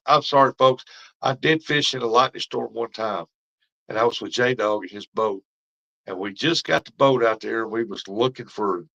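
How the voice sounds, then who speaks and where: A man's voice: medium pitch, gravelly, pushed and bright. A middle-aged man, chatting casually with viewers and telling folksy stories with frequent laughs. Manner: folksy storytelling, laughs often. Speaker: fishing vlogger. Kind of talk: casual live chat with viewers. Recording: dull lo-fi stream audio.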